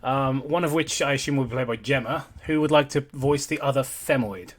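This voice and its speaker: A man hosting a group comedy reading, joking crudely and quickly. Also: medium pitch. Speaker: host.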